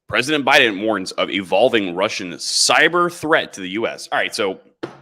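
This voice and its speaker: A man's voice: lowish voice, animated, moderate pace, bright, forceful tone. A man hosting a casual livestream, reading chat comments and rambling sarcastically, calling his viewers boys. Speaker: livestream host. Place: indoors, standing in camera frame.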